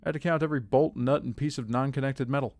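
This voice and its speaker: A man's voice: medium pitch, fairly even intonation, fast, darkish tone, dry recording. A man chatting and joking with his viewers while streaming a video game. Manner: chatty, joking, talks to chat. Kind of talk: casual gaming livestream commentary.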